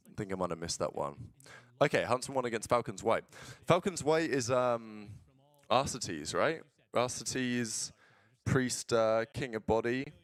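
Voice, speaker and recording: This streamer has a medium-pitched voice and an unhurried delivery, recorded dry, as he casually watches esports matches along with viewers. He swears, talks bluntly, and gets swept up in excited play-by-play.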